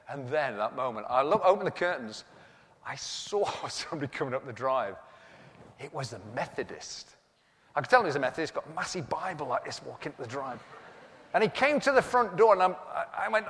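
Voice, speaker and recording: A man's voice: on the high side, very animated, a little fast, fairly bright tone. A man preaching, telling a comic story and acting out the dialogue in a self-mocking way. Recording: echoey hall with long reverb.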